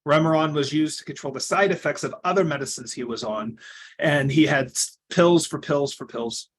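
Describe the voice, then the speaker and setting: A young adult man giving a coaching talk, telling his own story in an earnest way that moves from loud emphasis to quiet asides. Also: fairly high pitch, moderate pace, husky.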